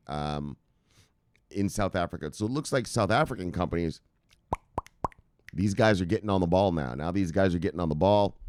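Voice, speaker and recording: A deep-voiced man hosts an informal crypto news show from his computer. His voice rises and falls a lot as he riffs and swears. The recording is dry and close, with no room sound. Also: clear, resonant tone, no echo. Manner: loose, profane and chatty, laughs often. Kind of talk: casual news commentary.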